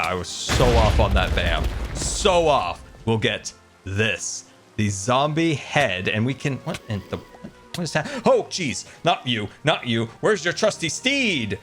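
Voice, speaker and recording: A man playing a video game and giving playful, excitable commentary as he builds and jokes. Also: mid-range voice. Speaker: gaming YouTuber. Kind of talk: gameplay commentary.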